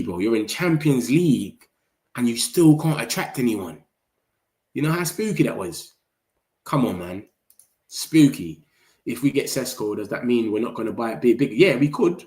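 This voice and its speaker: Male streamer, excitable slangy fan banter, middle pitch, echoey room. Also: moderate pace. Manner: excitable, slangy, reads chat aloud. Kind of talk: casual livestream commentary. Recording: roomy echo.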